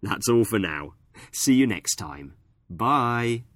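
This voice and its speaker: A male presenter of an English-learning podcast, speaking in a deep voice with lively intonation. He explains points clearly and in a friendly way, at an unhurried pace. The studio sound is dry. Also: faint music behind. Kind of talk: scripted teaching narration.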